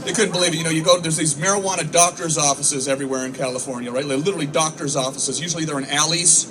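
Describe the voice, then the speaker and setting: A man in his thirties performs rambling stand-up for troops at an outdoor base, slipping into acted-out voices and swearing freely. His voice sits a bit high. He is heard from a distance, with loud outdoor noise around him. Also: racing. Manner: rambling storytelling, acts out voices, frequent swearing. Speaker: comedian. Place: outdoor military base show. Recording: far-off mic, noisy open-air ambience.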